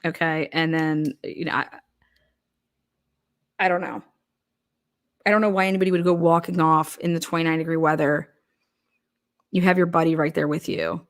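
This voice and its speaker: A true crime commentator speaks in a deep, fairly level voice at a normal pace, leaving long pauses. She's blunt and heated, firing off rhetorical questions as she discusses a case in casual, profane terms.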